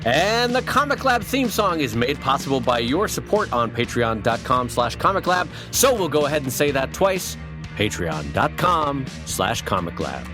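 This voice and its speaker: A man co-hosting a podcast in casual chat, with quick teasing banter and laughter. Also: fairly high pitch, big pitch swings, over music. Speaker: podcast co-host.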